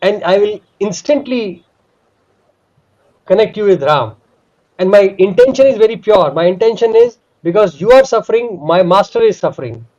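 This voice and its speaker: A man's voice: sits high, lively intonation, normal speed, a little mellow. A man voicing an earnest, devoted male monkey god who pleads eagerly. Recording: dull lo-fi recording.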